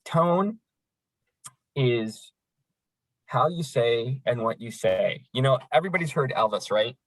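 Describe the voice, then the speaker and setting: A man's voice: medium pitch, expressive, slow pace, dry recording, low-quality recording. A man running a crisis line training session in a conversational, folksy way, with frequent fillers. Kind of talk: training lecture.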